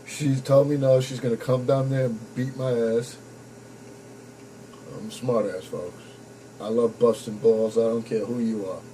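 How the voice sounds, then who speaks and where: A man's voice: medium pitch, fairly even intonation, unhurried, dark tone, rough recording. A young man talks straight to his viewers in a casual vlog and calls them folks. His speech is blunt and full of swearing as he tells his own story. A faint background hum runs under his voice. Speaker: vlogger. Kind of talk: personal storytelling to camera.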